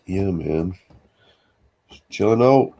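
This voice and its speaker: A man hosting a casual livestream, relaxed and chatty, reading viewer comments aloud and answering them. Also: low-pitched, a little hiss or hum. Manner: laid-back, reads viewer chat aloud. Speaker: livestream host.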